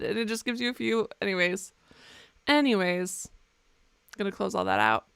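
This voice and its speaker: A woman's voice: medium pitch, big pitch swings, normal speed, gravelly, long pauses, a bit bright, clean tone, dry recording, studio quality. A young woman doing let's play commentary, joking and swearing as she reacts to the game. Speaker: gaming streamer.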